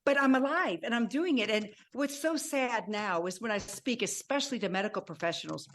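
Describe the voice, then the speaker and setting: An older woman in her sixties tells her own story as a guest, her somewhat high voice lively and expressive. She slips into the voices of the people she remembers as she goes. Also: a little fast, a little hiss or hum. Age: 60s. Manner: animated, acts out remembered dialogue. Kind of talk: personal storytelling.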